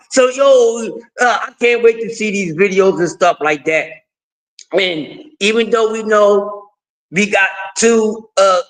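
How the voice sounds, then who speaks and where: Loud, animated, raspy-voiced man streaming. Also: high voice. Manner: loud, animated, frequent laughing and shouting. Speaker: livestream host. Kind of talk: casual livestream commentary.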